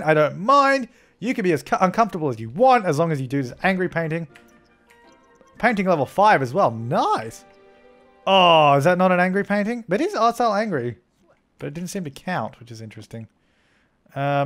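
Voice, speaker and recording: Young male gaming host from Australia, slightly high voice, casual self-mocking let's-play chatter. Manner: chatty, self-mocking, talks to his game characters.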